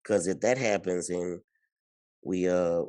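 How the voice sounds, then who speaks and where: A man co-hosting a podcast, chatting casually, excitable and rambling with many restarts. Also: low-pitched, slow, no echo. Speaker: podcast co-host. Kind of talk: casual chat.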